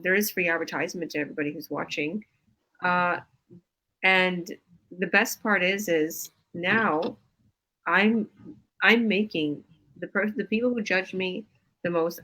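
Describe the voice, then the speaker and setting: Woman business coach hosting a live stream, bright forceful voice, a bit low, gushing. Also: rough recording. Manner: effusive, enthusiastic praise. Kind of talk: casual live-stream chat.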